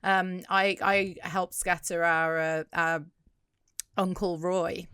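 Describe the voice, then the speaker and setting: A woman's voice: lowish voice, flat delivery, slow pace, bright, forceful tone, clean tone, dry recording, studio quality. A British woman co-hosting a podcast, picking apart the details of a scene in casual chat. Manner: careful, nitpicking detail. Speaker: podcast co-host.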